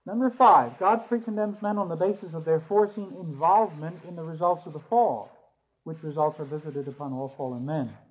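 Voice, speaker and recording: A man with a fairly high voice lectures a class on theology, alternating scripture readings with step-by-step explanation. He lifts his voice to stress key words. The recording is muffled and lo-fi. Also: a little fast. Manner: reads scripture aloud, then explains point by point. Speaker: theology teacher.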